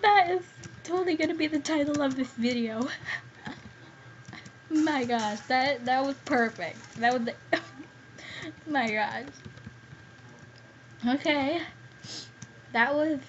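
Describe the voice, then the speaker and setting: A young woman giving excitable gameplay commentary as a gaming YouTuber, squealing and pleading when scared. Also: high-pitched, slow pace, pauses often. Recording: dull lo-fi home recording with faint hiss.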